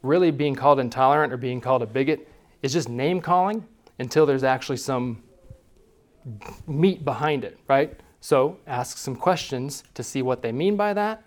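Man teaching a class, quizzing students. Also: mid-range voice. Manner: conversational, quizzes the class with questions.

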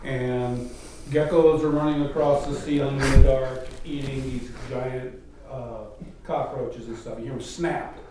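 A man, a guest, telling a personal missionary story in a casual, animated way and mimicking the voices of people in it. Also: medium pitch, a little slow. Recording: distant mic in a very echoey room, faint noise.

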